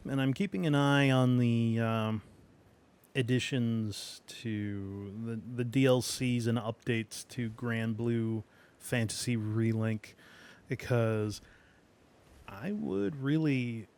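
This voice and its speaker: A man streaming a game, chatting casually while he plays, rambling along with fillers and soft laughs. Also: medium pitch. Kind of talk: casual gameplay commentary.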